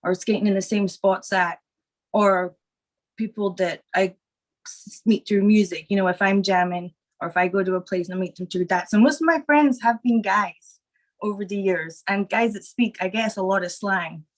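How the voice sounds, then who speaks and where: A stoned woman with a Scottish accent softened by American influence, talking casually as a podcast guest. She rambles and drifts between thoughts with lots of "like" and "um", at an ordinary middle pitch. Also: moderate pace. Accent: Scottish, partly Americanized. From Scotland. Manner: rambling, relaxed, filler-heavy.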